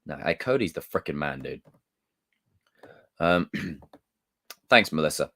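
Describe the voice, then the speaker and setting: Lively-pitched streamer guy. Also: slow pace. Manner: excitable, swearing, jumpy and joking. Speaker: livestream host. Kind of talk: live chat, reading viewer comments.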